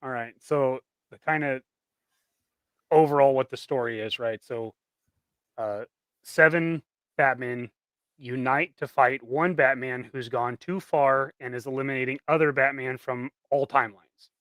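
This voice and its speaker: A man chatting casually on a livestream, relaxed and hesitant, with many ums as he explains ideas. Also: medium pitch, a little slow, clean tone, dry recording.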